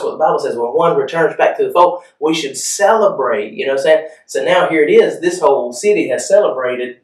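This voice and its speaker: A man's voice: a little high, brisk, few pauses, recorded from a distance. A man preaching a sermon in a conversational way, often asking the room whether they follow. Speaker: pastor. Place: church hall. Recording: echoey room, voice from off-mic.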